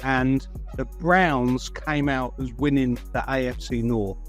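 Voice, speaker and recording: A man's voice: mid-range voice, steady tone, slow, faint music behind. A man from the UK joining a casual sports talk show, speaking eagerly and emphatically.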